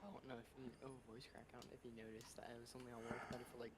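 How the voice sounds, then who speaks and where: A man chatting casually with a streamer friend about a game, quick and laughing often. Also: mid-range voice, monotone, very noisy. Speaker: friend in voice chat. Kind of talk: casual gaming chat.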